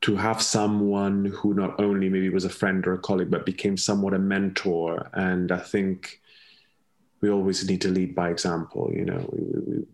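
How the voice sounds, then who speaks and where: A man with a European accent, a former ballet colleague and mentor, reflects in conversational stories as an interview guest. His low voice is a little mellow, his delivery flat, his speed normal. He laughs often and repeats words while searching for the right ones.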